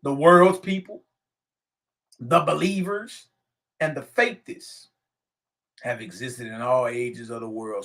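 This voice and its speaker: A man reading a spiritual text aloud and preaching on it emphatically, repeating phrases and adding slangy asides. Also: medium pitch. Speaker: spiritual teacher.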